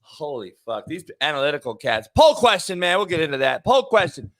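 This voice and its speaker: His voice is on the high side, sing-song and fairly bright. Hosting a loud, casual sports talk show, the man is brash and foul-mouthed, reading sponsor spots and shifting from drawn-out emphasis to quick bursts.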